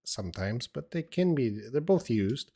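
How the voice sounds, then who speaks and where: A man's voice: medium pitch, sing-song, normal speed, dark tone. A man teaching English in a live-stream Q&A from home, answering viewers in a blunt, opinionated, teasing way.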